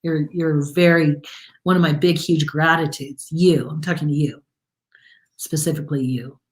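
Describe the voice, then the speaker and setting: A woman with a lowish voice talks warmly and emotionally, addressing her viewers directly on a live stream. She is effusive and heartfelt. The sound is roomy, with a noticeable echo. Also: steady tone, normal speed. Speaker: co-host of a live mindset show. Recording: echoey room.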